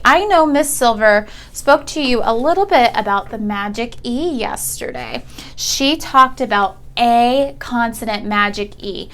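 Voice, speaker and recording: A young woman teaching a phonics lesson to children over video, speaking patiently and enunciating each sound clearly. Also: a little high, a bit bright.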